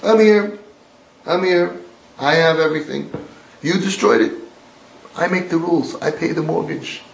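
A man's voice: on the high side, moderate pace, vocal fry, distant mic, slight background noise. A man voicing a stern, dismissive father laying down the house rules. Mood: taunting. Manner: taunting, dismissive. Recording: roomy echo.

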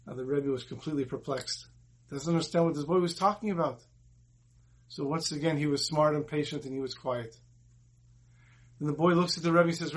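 Male rabbi, higher husky voice, earnest sermon with storytelling. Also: fairly even intonation, normal speed, long pauses. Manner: earnest, retells dialogue in the story. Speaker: rabbi giving a Torah talk.

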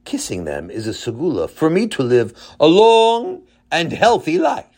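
A man's voice: huge pitch swings, moderate pace, darkish tone, exaggerated voice. Man doing a whiny, self-important bumbler. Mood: proud. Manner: high, whiny and emotional, sobbing at times. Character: earnest, bumbling adult man, self-styled tzaddik.

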